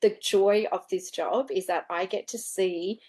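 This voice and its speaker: Woman funeral director chatting away, lively storyteller, does little voices for quotes, mid pitch. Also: a little slow. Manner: animated storyteller who acts out her own quoted words. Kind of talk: casual interview talk.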